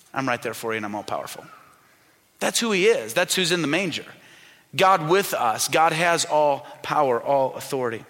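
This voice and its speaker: A man preaching a sermon in a church, talking with the congregation and asking them questions, dropping his voice soft when he quotes the people in his stories. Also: on the high side. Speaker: pastor. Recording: long reverb of a large church hall.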